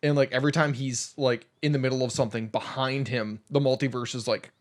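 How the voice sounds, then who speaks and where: A man talks casually on a podcast, spinning out ideas in long, rambling stretches. He leans on fillers as he goes. His voice sits at an ordinary middle pitch. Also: a little fast. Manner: lively, rambling theorizing with fillers. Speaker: podcast co-host. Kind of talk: casual chat.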